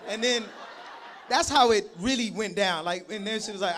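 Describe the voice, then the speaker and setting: A high-pitched man with a bright, forceful tone performs spoken word live. He swings from profane comic banter into rhythmic, punchy poetry lines. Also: steady tone, quick pace. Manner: profane, joking, rhythmic delivery. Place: live stage at an event.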